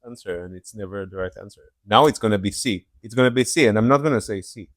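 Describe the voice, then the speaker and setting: A woman's voice: a bass voice, fast, no echo, clean studio sound. A woman co-hosting a podcast in casual chat, making self-mocking, jokey complaints. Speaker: podcast co-host.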